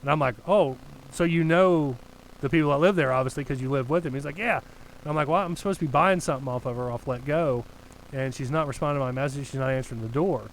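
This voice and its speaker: A young man spins a rambling, profane story for his podcast co-hosts, and his voice sits at an ordinary middle pitch. A faint hiss of background noise runs under the recording. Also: fast, poor audio. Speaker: podcast co-host. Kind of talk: casual storytelling chat.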